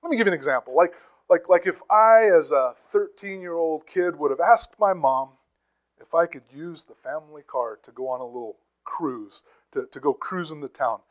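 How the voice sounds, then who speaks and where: In dull audio, a man with a slightly high voice preaches at a moderate pace. As a pastor giving a conversational teaching sermon, he drops in asides, poses rhetorical questions and hits key phrases with emphatic bursts.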